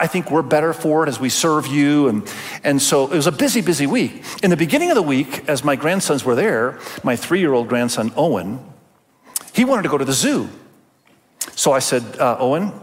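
Older male pastor, earnest emphatic sermon delivery, mid-range voice, long reverb of a big church hall. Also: medium pitch. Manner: earnest, emphatic, with rhetorical questions.

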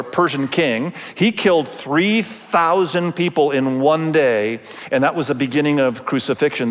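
A man's voice: on the high side, long reverb tail. A man preaching a sermon as pastor, talking conversationally and acting out quoted voices.

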